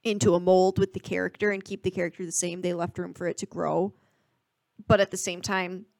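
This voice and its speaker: A woman's voice: fairly low pitch, level tone, brisk, vocal fry, a little mellow, no room sound. A woman co-hosting a podcast in casual chat, sharing thoughtful opinions. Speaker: podcast co-host.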